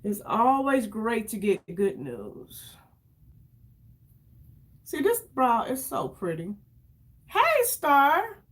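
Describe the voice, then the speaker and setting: A woman's voice: mid-range voice, darkish tone. A woman in her fifties chatting casually on a livestream while doing her makeup, effusive and greeting viewers by name. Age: 50s.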